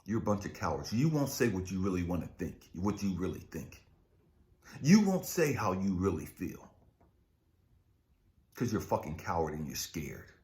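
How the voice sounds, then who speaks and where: A man giving a raw, profane spiritual testimony as a coach, swinging between shouting and whispering. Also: deep voice, sing-song, normal speed, pauses often. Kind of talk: emotional personal testimony.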